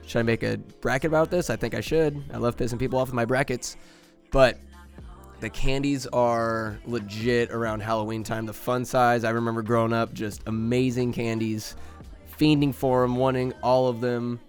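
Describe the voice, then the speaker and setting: A man's voice: medium pitch, steady tone, moderate pace, soft background music. A man from Northern California hosting a podcast, talking in a rambling, crude comedic monologue and laughing often. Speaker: podcast host.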